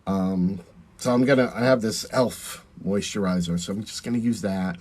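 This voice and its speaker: A drag performer does his makeup on a phone live stream, chatting casually as he reads viewer comments aloud, replies and thanks them. His voice is lowish and darkish, at a moderate pace.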